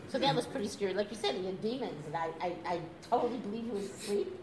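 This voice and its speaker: An older woman telling a story in a relaxed, animated way, laughing now and then and acting out quoted lines. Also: mid-range voice, fast talker. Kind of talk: casual anecdote telling. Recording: echoey room with noise.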